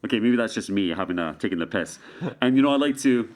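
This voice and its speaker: A man's voice: on the low side, expressive, fast, a little mellow. A Canadian man talking as a guest street artist in a casual interview, playful and rambling, full of jokes.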